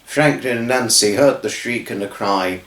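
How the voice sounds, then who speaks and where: A man telling a children's story off the cuff, halting and restarting his words. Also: medium pitch, a bit bright, echoey room. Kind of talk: improvised storytelling.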